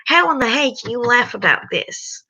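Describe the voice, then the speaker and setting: A woman's voice: a little high, lively intonation, moderate pace, bright, forceful tone, pitched above the performer's own voice, exaggerated voice, poor audio. A woman voicing a blunt, defiant farm pony mare who speaks indignantly in a fan storybook reading.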